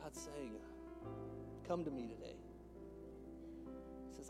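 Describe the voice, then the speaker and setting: A man preaching a sermon as a pastor in a church, moving between hushed whispers and loud, impassioned calls. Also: mid-range voice, takes it slowly, over music. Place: church sanctuary.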